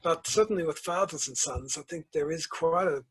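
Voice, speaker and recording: An older man, a guest author and principal telling stories in a measured, reflective interview. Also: fairly high pitch, a bit bright, breathy edge, low-quality recording. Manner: measured storytelling, tells anecdotes.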